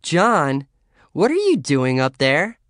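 A man reading an audiobook, voicing a lively, bossy, playful teenage girl in a raised, higher voice. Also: normal speed, no room sound, studio quality, close to an everyday voice. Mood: calling out. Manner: raised, higher-pitched girlish voice. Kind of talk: audiobook character voice.

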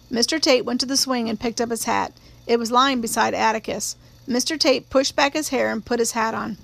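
A woman narrating a novel in a measured, steady storytelling voice. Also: fairly high pitch, creaky. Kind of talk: audiobook reading of a novel.

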